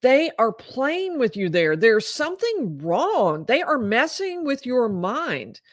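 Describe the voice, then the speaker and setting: A woman's voice: sits high, wildly swooping pitch, takes it slowly, breathy edge, no echo, clean studio sound, pitched above the performer's own voice, exaggerated voice. A woman acting out a distraught pleading wife. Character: distraught middle-aged wife pleading in denial.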